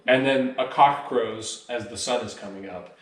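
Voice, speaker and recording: Picked up from afar in a reverberant church, a pastor at medium pitch and normal speed shares a story in his sermon in a relaxed, everyday style. He brings quoted dialogue to life animatedly.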